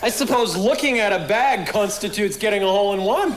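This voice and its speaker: A man's voice: high-pitched, a little fast, noisy background, natural voice. An actor playing a smug, stuttering computer-generated male talk show host who punns and brags, with a glitchy, repeating delivery. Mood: teasing. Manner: cheeky, punning, self-important.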